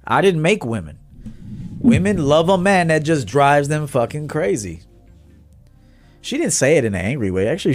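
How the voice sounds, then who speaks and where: A man, a dating coach talking bluntly and with swagger to viewers on a livestream. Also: medium pitch.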